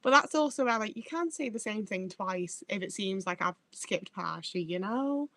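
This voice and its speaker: A woman's voice: medium pitch, animated, normal speed, a bit bright, no echo. Young northern English woman streamer, loose and sweary, laughs a lot, mid-range voice, close and dry. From Stoke-on-Trent, England. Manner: chatty and laughing, swears freely. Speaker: livestreamer reading chat. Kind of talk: casual chat.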